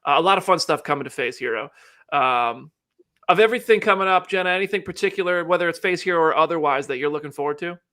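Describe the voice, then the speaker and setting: A bright-voiced man hosts a live show in loose, joking chat. His pitch sits a little high, and he rambles with frequent restarts. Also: fast talker. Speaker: host.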